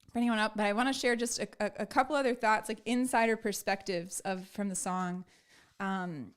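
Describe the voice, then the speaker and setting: Female live-show host, effusive and chatty, slightly high voice. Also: clean tone. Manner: effusive, gushing, many fillers. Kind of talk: casual live-stream chat.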